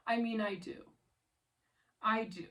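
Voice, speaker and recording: Woman, angry vlog rant, slightly high voice, slow strained delivery, swearing, direct address. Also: steady tone, fairly bright tone. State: upset, voice strained. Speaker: content creator.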